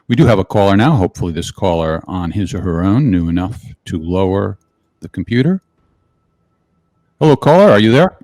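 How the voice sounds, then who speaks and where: Genial call-in host, low and dry. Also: male voice, big pitch swings, brisk, a little mellow, no echo. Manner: genial, joking with callers. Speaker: show host. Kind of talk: live call-in show hosting.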